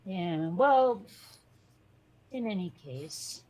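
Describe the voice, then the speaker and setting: A woman with a fairly low, expressive, slightly mellow voice speaks extremely slowly while co-hosting a casual podcast. Coming from a Catholic Italian family, she chats in a rambling, hesitant way packed with fillers and restarts.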